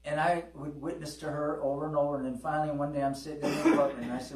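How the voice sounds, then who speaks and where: A man's voice: a little high, level tone, very fast, hardly any pauses, heavy background noise. A middle-aged man delivers a sermon in a slightly raised voice. He speaks conversationally, telling stories and calling out to his congregation. The sound is echoey and distant, as if picked up from across a church hall. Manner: conversational storytelling, with calls to the congregation. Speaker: preacher. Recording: echoey hall, preacher away from the mic.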